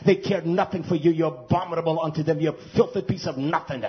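A man preaching a fiery sermon, swinging from loud, rhythmic, "uh"-punctuated shouting to low, quiet talk. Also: fairly even intonation, fast, highs cut off. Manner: preaching with rhythmic "uh" fillers, rising to shouts then dropping low.

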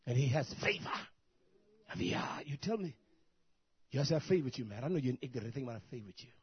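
A man preaching a sermon, who swings from soft, murmured asides to loud, shouted bursts. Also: medium pitch, animated, fast talker, breathy edge, dry recording, dull audio.

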